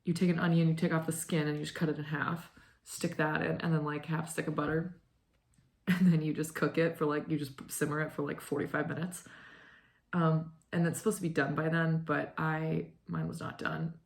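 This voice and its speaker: A woman's voice: sits low, little pitch movement, moderate pace, gravelly. A woman in her twenties hosting a knitting vlog, chatting casually and rambling with lots of fillers and "like". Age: 20s. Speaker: knitting podcast host. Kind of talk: casual chat.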